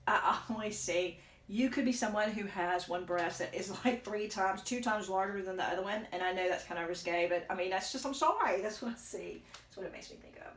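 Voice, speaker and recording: A woman's voice: medium pitch, a little fast, slight background noise. A woman giving a casual tarot reading, rambling and correcting herself as she thinks aloud while chewing gum. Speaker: tarot reader. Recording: echoey room, distant from mic.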